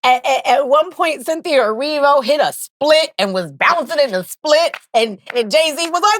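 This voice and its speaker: A woman co-hosting a casual chat podcast. She is excitable, laughs often and gets shrieky when she retells stories. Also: very high voice, brisk, few pauses, no echo, studio quality. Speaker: podcast co-host.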